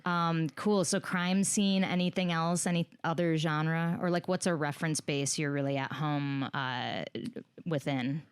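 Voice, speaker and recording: Low-voiced woman podcast host, dry sound. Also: fairly even intonation, clean tone, no echo. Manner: friendly, quick to agree, joking along. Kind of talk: casual podcast interview.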